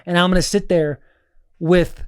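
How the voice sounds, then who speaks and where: Animated, profane storyteller man. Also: sits high, moderate pace, clean tone, no room sound, studio quality. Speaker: podcast co-host, former football player. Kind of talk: casual chat. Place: podcast studio.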